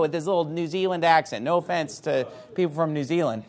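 A fiery, animated male preacher. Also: moderate pace, hardly any pauses. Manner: fiery, denouncing preaching with scripture quotes; animated pitch swings for emphasis. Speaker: pastor. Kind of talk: sermon.

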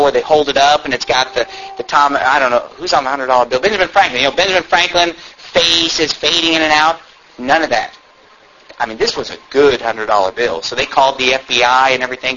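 A man preaching with a high, bright voice that presses hard on key words. His delivery is folksy and emphatic, full of questions to the congregation. The recording is slightly dull, with faint room ambience behind him. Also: slight background noise. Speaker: pastor. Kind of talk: sermon.

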